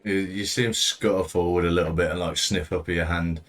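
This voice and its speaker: GM, man, very low voice, easygoing narration with restarts. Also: fairly quick. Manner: relaxed, repeats words while thinking. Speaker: game master. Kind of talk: narrating a tabletop game.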